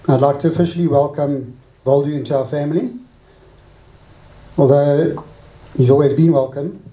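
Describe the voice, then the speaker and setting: A middle-aged man, the bride's father, giving a wedding speech with a joke and a short poem, in a relaxed storytelling way. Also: fairly high pitch, roomy sound, low-quality recording. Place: wedding reception hall.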